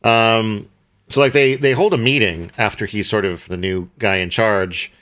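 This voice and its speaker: A man's voice: fairly low pitch, fairly even intonation, normal speed, fairly bright tone. A man co-hosting a podcast, recapping a film in casual chat and rambling through many fillers and restarts. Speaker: podcast co-host.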